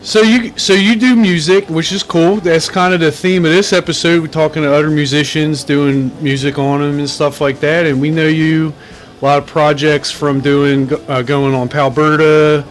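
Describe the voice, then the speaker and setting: A man's voice: a little high, steady tone, moderate pace. A man with a Delaware accent hosting a comedy podcast, rambling in casual comic chat, poking fun at himself and calling himself by name. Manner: rambling, self-mocking, calls himself by name.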